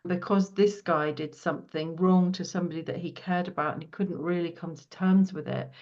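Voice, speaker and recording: A woman with a fairly low voice talks a client through what she senses, soft and earnest. She often sinks to a hushed tone. The sound is dull and lo-fi. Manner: soft, earnest, drops to a hush when relaying visions. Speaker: podcast host and property healer. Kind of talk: intuitive reading in conversation.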